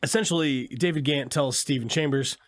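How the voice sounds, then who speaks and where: A man co-hosting a casual movie podcast, recapping scenes, acting out quick quotes and swearing freely. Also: medium pitch. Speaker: podcast co-host.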